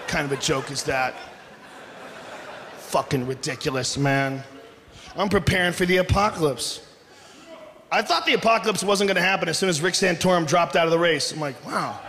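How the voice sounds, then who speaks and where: Stand-up guy yelling into a handheld mic, high-ish voice, big roomy hall with a long ringing reverb. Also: moderate pace, pauses often, a little hiss or hum. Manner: loud, often shouting, profane and brash. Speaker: stand-up comedian. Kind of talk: live stand-up comedy. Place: large live venue on stage. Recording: echoey hall, live ambience.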